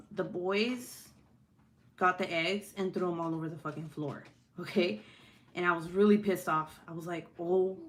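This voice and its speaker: Blunt, swearing young mom vlogging at home. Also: female voice, on the low side, a little hiss or hum. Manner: blunt, swears freely, laughs often, breaks off to scold her kids. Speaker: vlogger and mother. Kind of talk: casual talking-to-camera vlog. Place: at home, with children nearby.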